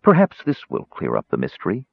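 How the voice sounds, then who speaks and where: Male narrator doing a young mage, cynical and mocking, deep voice, dull dry recording. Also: huge pitch swings, fairly quick, creaky, no echo, exaggerated voice. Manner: soft, mocking. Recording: slightly muffled audio.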